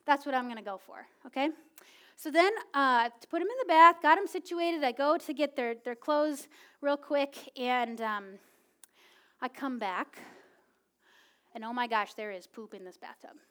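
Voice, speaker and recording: A woman in her thirties preaching a sermon, telling a personal story in a casual, animated way with many filler words. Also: sits high, measured pace. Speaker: pastor.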